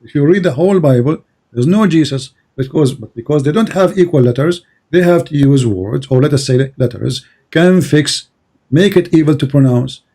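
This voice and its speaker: A man's voice: on the high side, normal speed, dark tone. A man whose first language is Arabic, insistent and lecturing in a heated debate, often repeating his words. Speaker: debate host.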